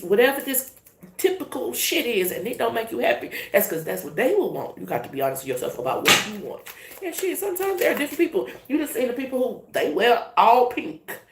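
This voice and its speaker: A woman giving a casual, profane and emphatic tarot reading with laughing asides. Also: mid-range voice. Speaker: tarot reader. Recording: echoey room, faint noise.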